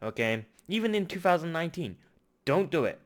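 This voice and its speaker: A man's voice: fairly high pitch, a little fast. A man hosting a reaction video, ranting heatedly with a lot of repetition. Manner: heated, repetitive ranting, then apologetic and calm. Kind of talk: casual reaction rant.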